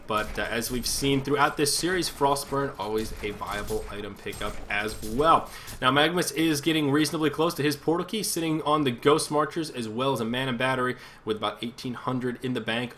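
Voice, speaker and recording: A man's voice: medium pitch, pushed and bright, a little hiss or hum. A man casting a live video game match solo, giving chatty play-by-play and thinking aloud as he corrects himself. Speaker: esports caster.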